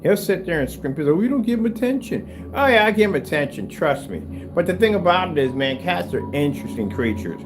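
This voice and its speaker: A man's voice: fairly high pitch, animated, fairly quick, few pauses, music in the background. A man talking casually in a home workshop vlog, rambling and restarting, sometimes raising his voice to scold his cat. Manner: rambling, chatty, restarts often. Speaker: home theater screen maker.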